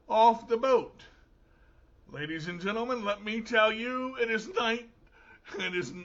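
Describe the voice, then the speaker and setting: Slow, high-voiced joking male host. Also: fairly bright tone, lo-fi sound. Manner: jokey, playful storyteller. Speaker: show host. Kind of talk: casual podcast talk.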